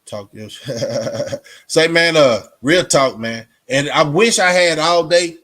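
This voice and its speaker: A man's voice: a little high, takes it slowly, bright, forceful tone. Emphatic man preaching straight talk. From Texas. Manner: preachy, emphatic, repeats himself. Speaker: vlogger. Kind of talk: casual straight-talk monologue.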